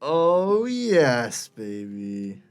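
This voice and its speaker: A man's voice: mid-range voice, very animated, very slow. A man playing a tabletop game, cheering and hamming it up with big exuberance. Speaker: player. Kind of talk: casual tabletop play.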